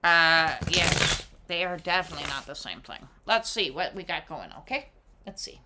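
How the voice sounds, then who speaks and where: A woman giving a casual, reflective oracle card reading, with expressive asides and casual swearing. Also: lowish voice, moderate pace.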